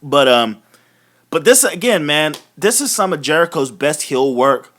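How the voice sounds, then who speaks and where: A man hosts a live wrestling recap and rants in a loose, profane, animated way. His pitch swings up and down a lot, and he breaks into laughs often. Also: unhurried. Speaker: host of a wrestling recap show. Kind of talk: live casual commentary recap.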